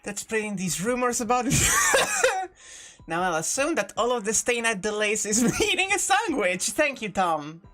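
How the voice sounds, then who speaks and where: Giggly woman streamer, lively high voice. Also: moderate pace, faint music behind. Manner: giggly, self-deprecating, trails off. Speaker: streamer co-host. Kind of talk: casual livestream chat.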